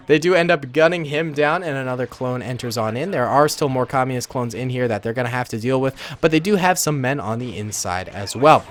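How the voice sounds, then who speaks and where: A man's voice: mid-range voice, a little fast, hardly any pauses, fairly bright tone, a little hiss or hum. A man casually commentating a battle simulation game in a laid-back, enthusiastic way, with plenty of ums.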